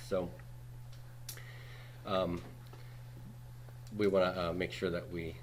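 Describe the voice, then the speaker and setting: A man's voice: sits low, fairly bright tone, slight background noise. A man in his forties teaching a Greek grammar class, patiently explaining and checking in with students with "okay?" and "right?". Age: 40s. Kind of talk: classroom lecture.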